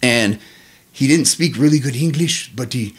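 A man telling personal stories in casual chat. He is animated and profane, and his voice jumps high when he quotes himself. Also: moderate pace.

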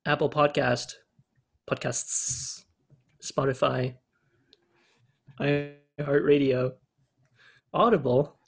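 A man co-hosting a movie podcast in loose, casual chat. His fairly high voice is husky, and he rambles along with plenty of hesitations. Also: normal speed, faint music behind. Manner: rambling, hesitant, many fillers and laughs. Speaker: podcast co-host.

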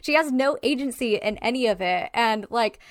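A woman's voice: fairly high pitch, animated, normal speed, no echo, clean studio sound. Blunt, swearing woman critiquing a film. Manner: blunt, swears freely, many "like" fillers, acts out quotes. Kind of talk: casual film critique chat.

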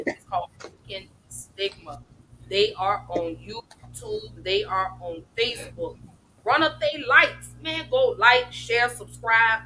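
A woman hosting a casual live-streamed mental health talk show, chatty and effusive, shouting out viewers. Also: medium pitch, slight background noise, rough recording.

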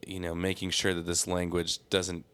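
Deep-voiced guy on a podcast, rambly and jokey. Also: monotone, moderate pace, fairly bright tone, smooth. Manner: talkative, wordy, joking. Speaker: podcast guest. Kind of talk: casual chat.

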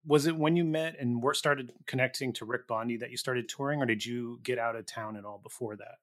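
A man with an average-pitched voice hosts a relaxed interview. He asks easygoing questions and trades stories in a conversational way. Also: fairly quick. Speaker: podcast host. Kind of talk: casual interview chat.

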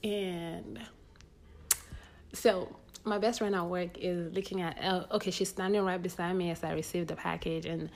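Candid woman with a gravelly low voice. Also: steady tone, normal speed, darkish tone. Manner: candid, conversational, sharing personal stories. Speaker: podcast host. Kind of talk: casual advice monologue.

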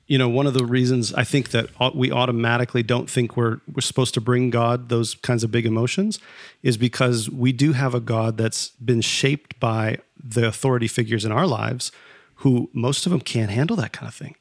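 A man's voice: medium pitch, steady tone, moderate pace, no room sound, clean studio sound. A man co-hosting a casual spiritual conversation, reflective and thinking aloud. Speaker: podcast co-host.

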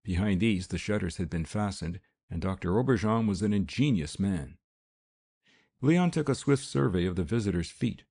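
A man narrating a classic novel as an audiobook in a steady, measured storytelling voice. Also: low voice, breathy edge. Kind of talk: scripted narration.

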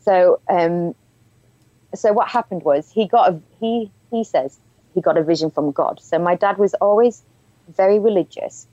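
Woman, low pitch, dry close sound, muffled lo-fi recording, frank personal storytelling. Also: mellow, no echo. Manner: candid, frank, quick to laugh. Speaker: interview guest.

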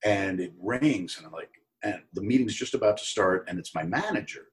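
A middle-aged man, an actor as a guest, casually telling an anecdote and acting out the people in it with jumps up in pitch. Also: normal speed. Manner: animated storyteller who acts out quoted voices in a higher pitch.

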